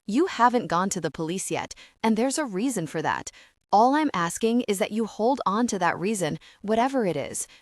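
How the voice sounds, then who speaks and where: A woman's voice: mid-range voice, expressive, normal speed, no room sound, clean studio sound, pitched above the performer's own voice, natural voice. A woman voicing a remorseful young man who begs desperately, in an audiobook reading. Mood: pleading.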